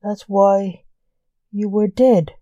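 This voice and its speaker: Woman voicing a menacing male blackmailer, curt and snappy, slow, dry recording. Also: high voice, fairly even intonation, warm tone, no room sound, highs cut off.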